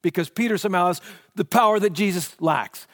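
A pastor preaching a sermon, asking rhetorical questions and swinging from loud emphasis to hushed tones. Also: male voice, sits high, fairly quick, dry recording, studio quality.

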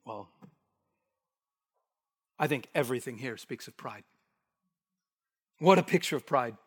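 A man preaching an expository sermon, emphatic and repetitive, dropping to a hush to stress key points. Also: medium pitch, expressive, a little slow, husky. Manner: emphatic, repetitive, with hushed drops for weight.

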